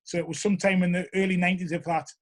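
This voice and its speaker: Middle-aged Geordie man, high-pitched, fast, chatty and rambling. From Newcastle, England. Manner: rambling, animated, lots of 'you know what I mean'. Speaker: interviewee, show regular. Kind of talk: casual storytelling interview.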